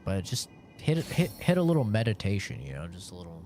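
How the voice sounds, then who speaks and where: Low-voiced, laid-back swearing streamer. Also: male voice, wildly swooping pitch, fairly quick, a little mellow, faint music behind. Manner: profane, laid-back rambling. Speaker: game streamer. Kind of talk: casual chat while gaming.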